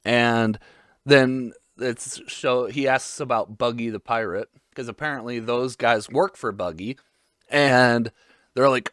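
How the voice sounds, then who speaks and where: A man's voice: medium pitch, slow, a bit bright, dry recording, studio quality. A man in his twenties giving a casual episode recap, rambling with irreverent, crude jokes. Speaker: vlogger.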